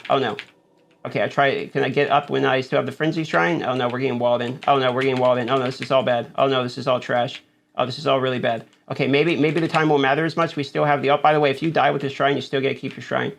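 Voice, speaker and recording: A man's voice: medium pitch, creaky. A man giving live commentary as he plays a game, talking himself through each move and urging himself on. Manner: talks himself through play, panics and urges himself on. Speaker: gaming YouTuber.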